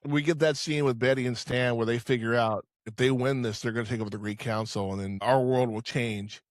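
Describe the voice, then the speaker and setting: A man's voice: mid-range voice, steady tone, a little fast, no room sound, clean studio sound. A man casually recapping a movie with friends, swearing freely and acting out lines. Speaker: podcast host.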